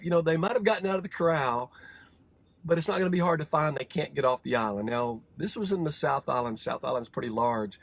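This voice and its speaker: Husky-voiced folksy American horse trainer. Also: male voice, a little high. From United States. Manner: folksy, relaxed storytelling with many fillers. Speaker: horse trainer and show host. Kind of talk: storytelling vlog. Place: parked vehicle at a ranch.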